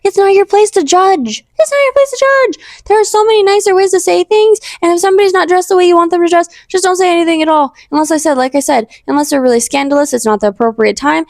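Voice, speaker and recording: A young woman talks through her faith in a casual, earnest way, rambling and often restarting her sentences. Her voice sits fairly high. The sound is close and dry, with no room echo. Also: darkish tone. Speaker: podcast host.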